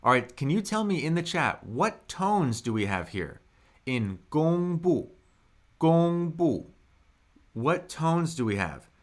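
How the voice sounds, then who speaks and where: An upbeat young man hosts a live online language lesson in a mid-range voice. He reads viewers' comments aloud and slows down to model each word clearly and loudly for them to copy. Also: medium pitch, sing-song. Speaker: Mandarin teacher on a livestream.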